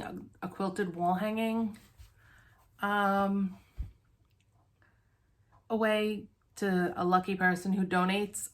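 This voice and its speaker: A woman hosting a stitching vlog, chatting casually to viewers, out of breath, rambling with many ums and restarts. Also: mid-range voice.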